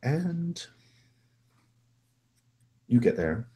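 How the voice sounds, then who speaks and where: A man's voice: medium pitch, big pitch swings, drawn-out words, mellow, breathy edge. A man narrating a tabletop game as game master, rambling with many restarts.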